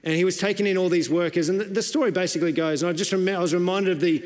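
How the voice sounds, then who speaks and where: High-voiced pastor preaching in a reverberant church. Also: male voice, fairly even intonation, very fast. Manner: retells a film scene with many fillers, then preaches with rising urgency. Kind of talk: sermon.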